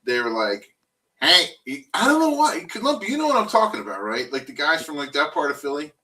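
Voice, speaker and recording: A man from South Jersey with a South Jersey accent, hosting a casual sports talk show and telling lively stories with mimicked accents. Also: on the high side, fast talker, recorded from a distance, poor audio. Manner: animated storyteller, mimics accents. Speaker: podcast host.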